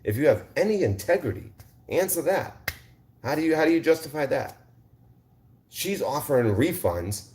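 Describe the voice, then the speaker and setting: A man's voice: a little high, sing-song, normal speed, long pauses, a little mellow, slight background noise. A man hosting a livestream, confrontationally ranting at viewers in the chat, repeating rhetorical questions and swearing. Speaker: livestream host. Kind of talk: heated livestream rant.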